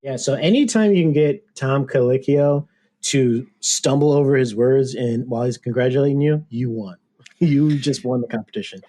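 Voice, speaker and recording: A man's voice: medium pitch, moderate pace, dark tone. A man co-hosting a casual comedy podcast, teasing and playful. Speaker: podcast co-host.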